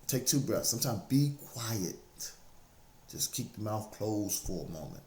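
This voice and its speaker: A man's voice: on the low side, expressive, measured pace, dark tone, slight background noise. A man giving a casual, faith-based motivational talk, repeating key phrases over and over to drive them home. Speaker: motivational speaker. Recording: roomy, echoey room sound.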